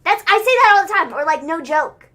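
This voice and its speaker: Bubbly young woman, high bright voice. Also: big pitch swings. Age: young adult. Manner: bubbly, rambling, quick to laugh. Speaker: wrestling show co-host. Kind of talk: casual livestream review chat.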